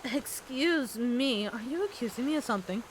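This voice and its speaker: A woman's voice: fairly high pitch, lively intonation, normal speed, noisy background, close to an everyday voice. A woman voicing a dramatic flamingo dancer in a detective game, haughty and indignant, with a wobbly attempt at a southern drawl. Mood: huffy.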